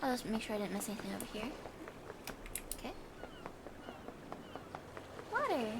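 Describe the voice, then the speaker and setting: Woman, game streamer, fairly high voice, casual chatty commentary, self-deprecating, reads game text aloud, noisy background. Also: big pitch swings, normal speed.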